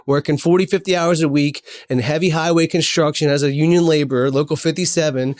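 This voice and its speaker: A man's voice: a little high, moderate pace. Heartfelt rambling man in his forties. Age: 40s. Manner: heartfelt, rambling, repeats phrases, swears casually. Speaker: podcast host. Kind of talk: personal storytelling monologue.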